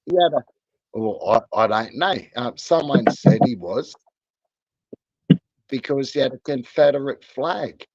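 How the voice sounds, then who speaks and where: A man's voice: mid-range voice, lively intonation, measured pace, pauses often, a little mellow, no room sound, lo-fi sound. A man in casual online chat, blunt and swearing freely.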